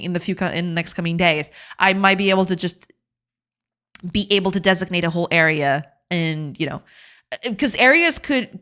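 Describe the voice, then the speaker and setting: A woman's voice: on the low side, fairly bright tone. Chatty woman game dev on stream. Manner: chatty, laughs often, restarts mid-sentence. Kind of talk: casual livestream chat.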